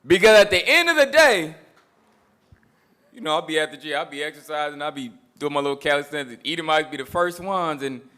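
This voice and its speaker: A man's voice: a little high, expressive, a little fast, bright, forceful tone, clear, resonant tone. A man preaching a sermon that mixes scripture with street talk, emphatic and repetitive, with mocking asides.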